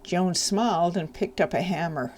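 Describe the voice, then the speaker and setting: A woman's voice: on the low side, moderate pace, darkish tone. A woman author reading the opening of her novel aloud, with chatty, self-deprecating asides.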